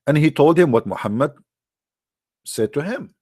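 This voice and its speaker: A man's voice: a little high, lively intonation, moderate pace, a little mellow, breathy edge, no echo, studio quality. A man from the Middle East, telling a story in a sarcastic, mocking way. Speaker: religious debater. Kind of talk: polemical storytelling talk.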